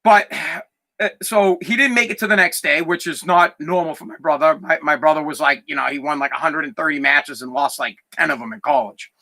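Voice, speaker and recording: A man's voice: fairly high pitch, a little fast, gravelly, pushed and bright. A man in his thirties, a podcast host, telling a personal story in a candid, rambling way with a lot of swearing, close to tears.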